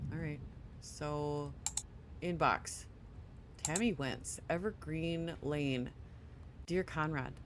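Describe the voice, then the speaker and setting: A gaming channel host playing a game, reading on-screen tutorial text aloud with quick casual asides, sleepy and yawning. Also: medium pitch, slight background noise. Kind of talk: casual let's play commentary.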